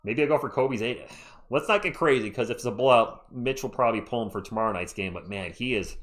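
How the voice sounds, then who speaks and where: A man hosting a live fan play-by-play stream, chatty and excitable, reading and answering viewer chat as he calls the game. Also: mid-range voice, fast talker. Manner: excitable, voice jumps up when thrilled.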